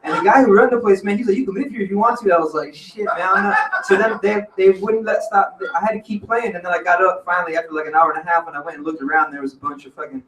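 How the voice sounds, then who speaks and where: A man's voice: sits high, steady tone, racing, few pauses, a bit bright. Profane rambling man in a roomy cafe. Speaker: open mic storyteller. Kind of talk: casual spoken storytelling. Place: cafe open mic stage. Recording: roomy venue audio from a distance.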